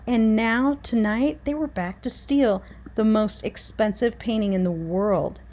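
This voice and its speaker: A woman reading a children's chapter book aloud, expressive and dramatic. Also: on the high side, measured pace. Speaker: reader. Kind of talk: storybook read-aloud.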